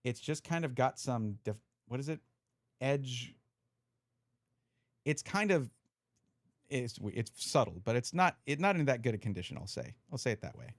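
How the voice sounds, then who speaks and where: Hiccuping man on a dry close mic, chatty and animated, walking through a card deck. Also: mid-range voice, normal speed, long pauses, no room sound. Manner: chatty, explains card rules while sorting. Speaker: streamer reviewing trading cards. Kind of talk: casual live-stream chat.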